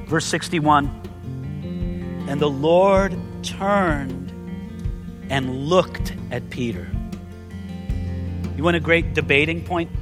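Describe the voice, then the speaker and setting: A man's voice: fairly high pitch, slow pace, long pauses, big-room sound, music in the background. A man preaching a sermon as pastor, acting out the quoted lines.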